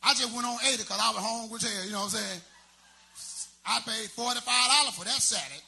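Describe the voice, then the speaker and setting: Male stand-up, loose slangy storyteller, high piercing tone. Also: fast talker, vocal fry, bright, forceful tone. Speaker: stand-up comedian. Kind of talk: stand-up comedy set.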